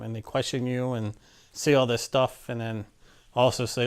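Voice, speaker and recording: Man from Maryland, mid-pitched, plainspoken storyteller who rambles and acts out old conversations. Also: fairly even intonation, brisk. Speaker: interviewee. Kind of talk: casual personal storytelling.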